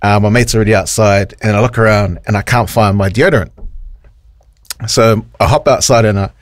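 A man's voice: fairly quick, dry recording, clean studio sound. A New Zealand man hosting radio, telling a funny story and acting out quotes. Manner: animated, acts out quotes in high voices, laughs a lot. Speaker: radio host. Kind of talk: storytelling on air, casual chat. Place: radio studio.

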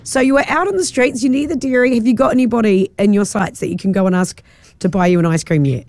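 A woman's voice: medium pitch, quick pace, darkish tone, no room sound. A woman with a New Zealand accent hosting a radio show from the studio, teasing and laughing in upbeat breakfast-radio chat. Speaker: radio host.

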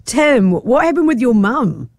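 A woman's voice: a little high, sing-song, measured pace, a little mellow, no echo, studio quality. Bubbly female radio host chatting. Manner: bubbly, laughs often. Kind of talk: casual radio chat.

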